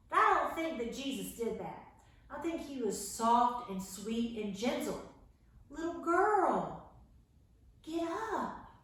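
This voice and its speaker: A woman teaching young children, with a high voice that swoops up and down as she tells the story. She speaks loudly to reach a camera set across the room. The recording has heavy echo from the room. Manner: animated, acts out voices of the story characters; talks loud to reach the camera. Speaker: children's Bible class teacher. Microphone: far camera mic. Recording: very echoey room, camera far off.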